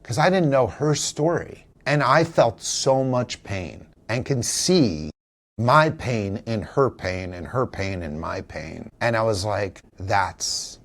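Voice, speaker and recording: A man whose voice is lowish and fairly bright talks slowly with lively intonation while telling an interviewer a personal story. The actor, who is also a father and teacher, comes across as earnest, reflective, and emotional in this candid conversation.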